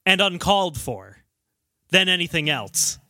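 A man's voice: high-pitched, expressive, measured pace, pushed and bright, no echo, studio quality. A man co-hosting a podcast in casual chat, wry and joking. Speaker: podcast co-host.

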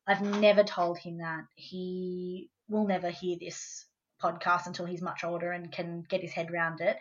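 A woman's voice: lowish voice, normal speed, highs cut off, a little hiss or hum. A woman with an Australian accent, a guest in an interview, telling a personal story in a casual, conversational way. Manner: conversational storytelling, quotes her son in a lively voice.

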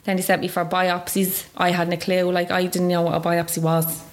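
A young Irish woman talks at a rapid clip, sharing a personal story as an interview guest. She is chatty, leans on "like," and acts out what others said to her. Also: fairly low pitch, monotone. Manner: chatty, lots of "like", acts out quoted voices. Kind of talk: personal story told in conversation.

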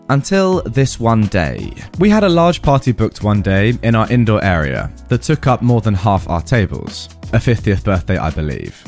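British male storyteller, bouncy animated delivery, wry asides, soft music underneath. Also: mid-range voice. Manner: wry, amused asides between readings. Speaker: story narrator and commentator. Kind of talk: reading online stories aloud with casual commentary.

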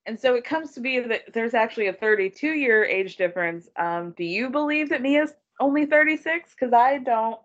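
A woman's voice: on the high side, moderate pace, hardly any pauses, dull audio. A woman co-hosting a casual chat, recapping a show and acting out quotes with lots of laughter. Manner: animated, quotes people in put-on voices, laughs often. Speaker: podcast co-host recapping a reality show.

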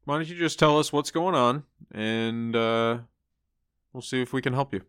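A man's voice: medium pitch, moderate pace, smooth, no echo, studio quality. Joking man playing a tabletop game. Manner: joking, swearing, excitable. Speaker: player. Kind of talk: casual chat while playing a tabletop game.

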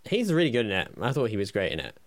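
Dude hosting a comedy podcast, lowish voice, rambly and wry, dry room. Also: male voice, wildly swooping pitch, rapid-fire, no room sound. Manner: rambling, wry, hesitant with ums. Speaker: podcast host. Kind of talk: casual comedy podcast chat.

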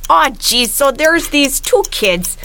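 A woman's voice: sits high, animated, slow, bright, forceful tone, slight background noise, voice pushed up, exaggerated voice. A woman voicing a hapless, down-on-his-luck male car salesman with a put-on Upper Midwest accent and folksy exclamations.

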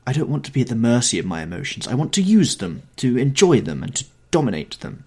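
A man's voice: medium pitch, very animated, fast, a little mellow, husky. A man reading the part of a vain, callous young aesthete who talks in an airy, dismissive way. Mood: defiant.

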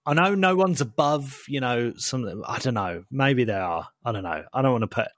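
Man, casual podcast co-host, animated delivery, lively pitch, dry recording. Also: moderate pace, dry recording. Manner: animated, says "mate" often, many restarts. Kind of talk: casual chat.

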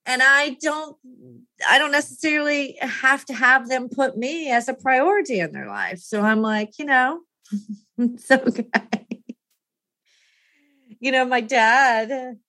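A woman's voice: fairly high pitch, moderate pace, bright, forceful tone, no echo. Candid, rambling woman in her fifties. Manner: rambling and heartfelt, laughs often, trails off and restarts. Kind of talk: candid personal monologue.

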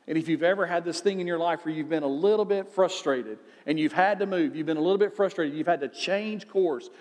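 A man's voice: fairly high pitch, darkish tone, in a large hall. A male pastor giving a sermon in a conversational way, asking rhetorical questions.

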